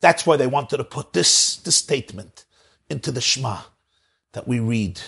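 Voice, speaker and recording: A man's voice: mid-range voice, animated, normal speed, vocal fry, fairly bright tone, husky. A man giving a spiritual talk, telling stories in an emphatic way and stacking up repeated phrases. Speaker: spiritual teacher. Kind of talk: sermon storytelling.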